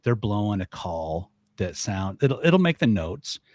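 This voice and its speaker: An older man, a guest on a podcast, talking casually and lively, mimicking sounds as he explains. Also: fairly low pitch, a little slow, no room sound. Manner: animated, mimics elk bugles and voices. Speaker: guest, elk calling expert.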